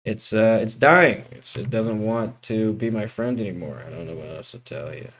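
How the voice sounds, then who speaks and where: A man's voice: lowish voice, normal speed, fairly bright tone. Young guy venting on a live stream. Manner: exasperated, venting with slang like "dude" and "bro". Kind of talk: casual live-stream chat.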